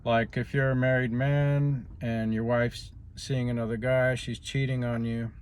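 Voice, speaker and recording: A man's voice: medium pitch, a little mellow. A man vlogging in a rambling, casual way, stopping often on "you know" as he drifts from politics to personal life.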